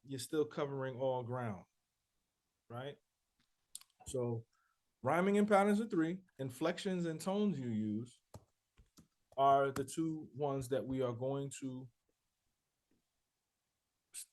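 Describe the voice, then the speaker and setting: A man's voice: medium pitch, slow, pauses often, darkish tone. A man teaching a rhythm class, repeating student answers back and scatting syllable patterns to demonstrate flows. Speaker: rap rhythm instructor. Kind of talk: casual class review.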